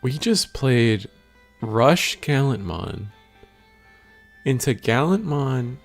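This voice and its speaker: A man's voice: mid-range voice, very animated, extremely slow, gravelly, faint music behind. A young man hosting a stream, giving casual, rambling live commentary on a card game and chatting with viewers in slang. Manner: rambling and slangy, talks to chat.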